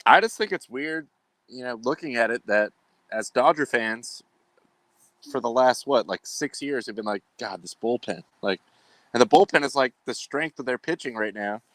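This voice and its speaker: A man's voice: mid-range voice, normal speed, a bit bright, dry recording. Laid-back male sports show host. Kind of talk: casual sports chat.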